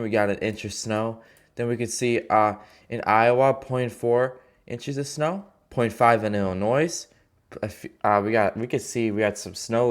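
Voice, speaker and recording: A man casually talking through weather forecast maps, rambling with many fillers and restarts. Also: medium pitch. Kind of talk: casual weather map walkthrough.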